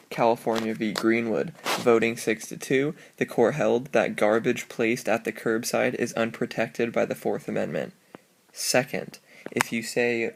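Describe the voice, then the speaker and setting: Casual male student presenter, gravelly voice, reads summaries and tosses in dry jokes. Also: medium pitch, a little hiss or hum. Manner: reads formal summaries, then adds offhand jokey asides. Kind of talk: casual read-aloud of case summaries.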